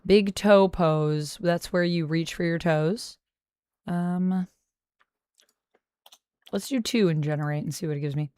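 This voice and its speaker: Slow, playful woman streamer. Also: fairly low pitch, darkish tone, smooth, no echo, clean studio sound. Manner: playful, teasing banter with chat. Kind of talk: casual live-stream chat.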